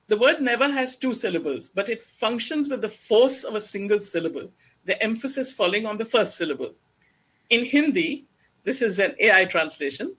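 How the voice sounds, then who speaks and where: Speaking as a guest lecturer on Shakespeare, this voice is bright and crisp, holding a steady middle pitch. The talk unfolds like an academic lecture, careful and explanatory, and the pace eases to recite lines of verse.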